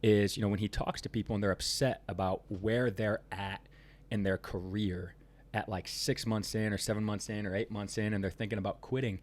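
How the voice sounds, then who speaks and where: Speaking fairly fast in a lowish, fairly flat voice, this Ohio man rambles emphatically through a relaxed podcast chat, peppering it with "you know." He's a business owner appearing as a guest.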